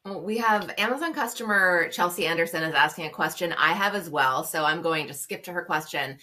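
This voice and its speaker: Woman host of a stream interview, friendly and chatty, lowish bright voice. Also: brisk. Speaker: livestream host. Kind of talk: hosted interview.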